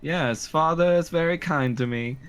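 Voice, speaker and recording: A man's voice: fairly high pitch, moderate pace, fairly bright tone, clear, resonant tone, voice pushed up, natural voice. A man voicing an eager young boy who speaks in stiff, overly formal phrases during a tabletop game. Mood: dutiful. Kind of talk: tabletop role-play.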